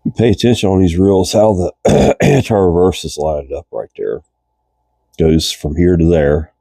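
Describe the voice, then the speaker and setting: A man from the United States hosting a casual fishing reel repair tutorial in a cold garage, folksy and chatty, congested with a cold and often coughing and clearing his throat. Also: low-pitched, a little slow, warm tone, dry recording. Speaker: reel repair channel host.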